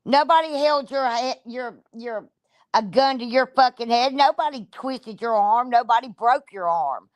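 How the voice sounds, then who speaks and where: Woman going off on her stream, cussing a lot, kinda high voice, dry close sound. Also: a little slow, no echo. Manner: profane, confrontational, blunt. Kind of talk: ranting livestream commentary.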